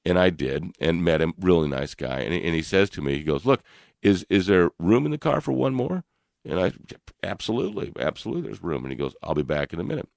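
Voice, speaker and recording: An older man co-hosting a radio talk show, telling a personal story in an animated way with frequent laughs and fillers. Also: low-pitched, fast talker, vocal fry, no room sound, clean studio sound. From Louisville, Kentucky area. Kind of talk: storytelling in casual chat.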